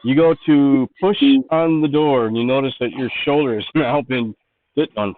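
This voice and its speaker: A man narrating a tabletop game as game master, describing scenes in a measured way with small restarts. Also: mid-range voice. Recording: tinny online call audio.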